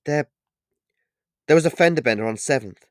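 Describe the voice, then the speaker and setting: A man voicing a shaken male regular who is out of breath and speaks in rushed, halting bursts. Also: fairly high pitch, no echo, clean studio sound, pitched above the performer's own voice, close to an everyday voice.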